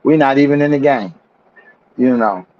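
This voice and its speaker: A man's voice: mid-range voice, muffled recording. A man in casual podcast chat who rambles, repeats words and drags out his points. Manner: rambling, repeats himself, drawn-out asides. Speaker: podcast co-host.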